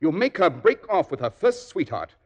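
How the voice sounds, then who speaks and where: A man's voice: fairly high pitch, big pitch swings, normal speed, darkish tone. An actor playing a brilliant, self-assured male detective in a 1940s radio drama, ironic and commanding. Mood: accusing.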